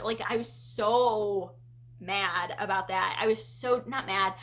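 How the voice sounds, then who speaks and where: A woman and parent chatting casually through a book tag as a vlogger, lively and acting out her quoted reactions. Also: medium pitch, moderate pace. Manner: animated, acts out quoted reactions.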